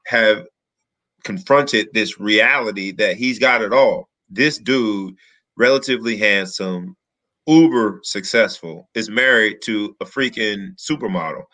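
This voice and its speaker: A middle-aged man from the American South with a lowish, forceful, bright voice. He talks sports in an emphatic, opinionated, casual way. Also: measured pace. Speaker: sports talk co-host.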